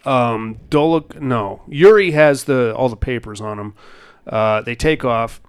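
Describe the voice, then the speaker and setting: A man talks through a film in a loose, rambling way, tossing in casual swearing as he goes. His voice is smooth and clean, sitting at an ordinary middle pitch for a man. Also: a little slow. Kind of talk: casual movie recap chat.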